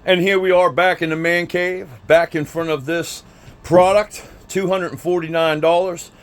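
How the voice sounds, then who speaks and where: A man's voice: sits high, little pitch movement, normal speed. A man giving a chatty, folksy product review, often repeating himself. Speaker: product reviewer, channel host. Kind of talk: casual product review vlog. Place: outdoors by a vehicle, then indoor man cave.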